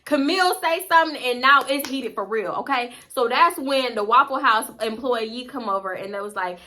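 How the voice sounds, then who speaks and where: A woman telling a storytime vlog, animated and profane, acting out every voice herself. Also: fairly high pitch, moderate pace, hardly any pauses. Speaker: storytime vlogger.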